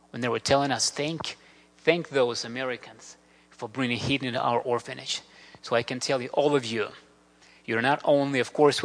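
A man's voice: mid-range voice, bright, forceful tone. A man giving an earnest, grateful mission talk with slides in a church. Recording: long reverb of a large hall.

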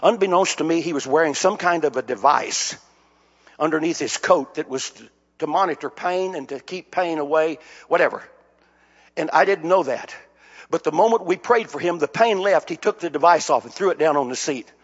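An older male pastor preaching a sermon with a high, husky voice. He tells stories and rises to shouting peaks. The recording is dull and lo-fi. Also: normal speed. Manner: storytelling preacher building to shouted climaxes. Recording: dull lo-fi sound.

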